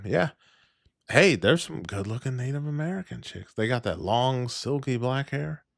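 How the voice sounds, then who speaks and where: A man's voice: mid-range voice, fairly bright tone, dry recording, clean studio sound. A man hosting a casual livestream, talking in a rambling, heavily profane way and laughing often. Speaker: livestream host.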